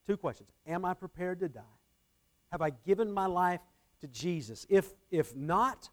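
A man's voice: high-pitched, expressive, normal speed. A man preaching a sermon earnestly, often repeating his phrases and shifting his emphasis. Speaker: pastor.

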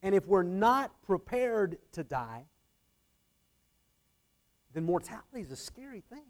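A man's voice: high voice, sing-song, unhurried. A man preaching a sermon earnestly, often repeating his phrases and shifting his emphasis. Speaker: pastor.

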